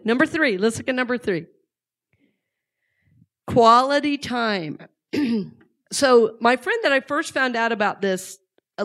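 A middle-aged woman talks to a live audience in a relaxed, conversational way and keeps asking them questions. Her voice sits a little high. Her speech has natural fillers and restarts. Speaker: speaker.

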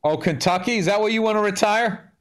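A man with a fairly high voice co-hosting a podcast. He trades dry wisecracks and swears freely in loose, casual conversation. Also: a little fast. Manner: wisecracking, profane. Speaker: podcast co-host. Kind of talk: casual chat.

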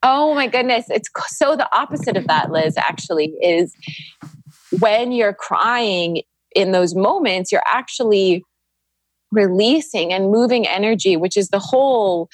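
A woman's voice: mid-range voice, expressive, unhurried, dry recording. A young woman guest on a podcast, talking earnestly and reflectively about energy work in casual chat. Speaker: podcast guest, Reiki practitioner.

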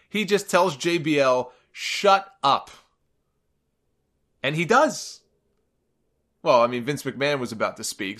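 Male recapper, mid pitch, casual storyteller, animated and amused. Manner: animated, amused, quotes people in raised voices. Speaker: wrestling commentator recapping a match.

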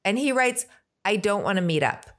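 A woman's voice: mid-range voice, moderate pace. A woman co-hosting a podcast, telling a gossip story in casual chat and voicing text messages as she reads them out. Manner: retells text messages in animated voices. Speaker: podcast co-host.

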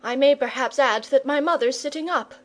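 A woman's voice: high-pitched, voice pushed up, close to an everyday voice. A woman voicing an eager, bossy young boy in a storybook reading. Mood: impatient. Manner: brisk and impatient.

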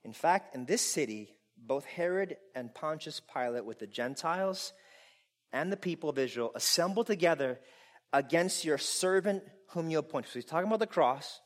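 A man preaching a sermon to a congregation, animated and playful, with loud bursts of laughter. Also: a little high, moderate pace. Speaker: pastor.

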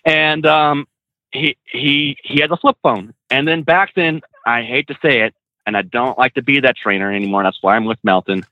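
A man's voice: mid-range voice, normal speed, no echo. A man, a truck driver and trainer, telling road stories casually with lots of laughs and restarts. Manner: animated anecdotes with frequent laughs and restarts. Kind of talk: casual storytelling interview. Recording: dry tinny phone-like line.

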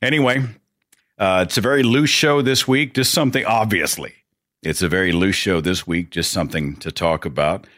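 A man's voice: deep voice, moderate pace, a bit bright, no echo, studio quality. A man hosting a podcast alone, talking in a casual, rambling way with chatty asides. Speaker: podcast host. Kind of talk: casual solo monologue.

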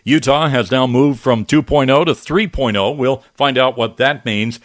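A middle-aged man hosting a talk radio show, talking in an animated, indignant, conversational way with frequent restarts. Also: medium pitch, normal speed, dry recording, clean studio sound. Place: radio studio.

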